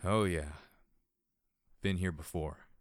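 A man narrates an audiobook in the first person with steady, low-key storytelling. His voice sits fairly low. The sound is close and dry with no room echo. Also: slow pace.

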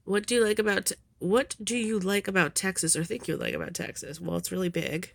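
A woman's voice: mid-range voice, steady tone, brisk, creaky. A woman doing a casual questionnaire vlog, rambling with lots of ums and giggles, a little sniffly. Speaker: vlogger.

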